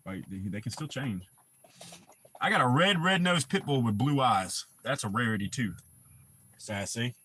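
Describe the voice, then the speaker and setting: A man with a bright, husky voice talks off the cuff to his livestream viewers. He rambles from one story to the next and swears freely. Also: mid-range voice, expressive, moderate pace, long pauses. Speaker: livestream host. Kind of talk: casual livestream chat.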